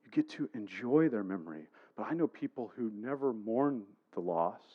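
Pastor guy preaching, low voice, kinda muffled lo-fi sound, chatty storytelling. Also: lively intonation, moderate pace, slightly rough. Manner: storytelling, conversational, addresses the congregation. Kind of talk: sermon.

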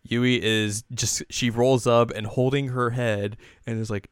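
A man's voice: mid-range voice, steady tone, measured pace, hardly any pauses, clean tone, no room sound, studio quality. A man hosting a podcast, recapping an anime episode in a rambling, chuckling casual chat. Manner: rambling, chuckling, self-correcting. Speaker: podcast host.

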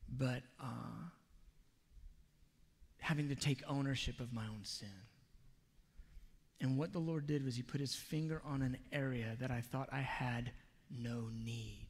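A man preaching a sermon, telling a personal story in an earnest, confessional way with soft asides. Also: mid-range voice, a little slow, creaky, long pauses, husky, in a large hall. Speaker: pastor.

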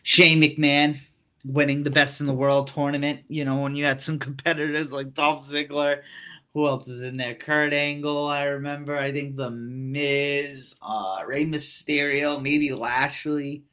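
A man's voice: fairly high pitch, little pitch movement, measured pace, pushed and bright, clean tone. A young man hosting a casual wrestling chat podcast, laid-back and self-mocking, rambling with lots of fillers. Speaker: podcast host.

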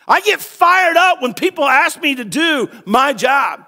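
A male pastor preaching a sermon in a church, animated and acting out voices, at times rising to a shout. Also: very high-pitched, unhurried. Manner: animated, acts out quoted voices, rises to shouts.

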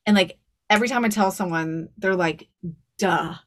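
A woman in her forties, telling stories as a guest in a casual podcast interview, chatty and quick to laugh. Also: mid-range voice. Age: 40s. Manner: chatty, laughs often, storytelling. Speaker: guest style coach.

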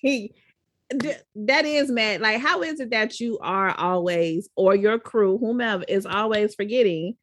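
A woman's voice: medium pitch, a little slow, fairly bright tone, no echo. A woman co-hosting a podcast, giving blunt, slangy opinions in casual chat. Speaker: podcast co-host.

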